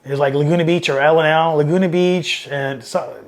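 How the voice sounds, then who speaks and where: A man's voice: fairly high pitch, fairly quick. Profane, rambling male Marine veteran. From Southern California. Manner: profane, rambling, animated when quoting others. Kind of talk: casual storytelling interview.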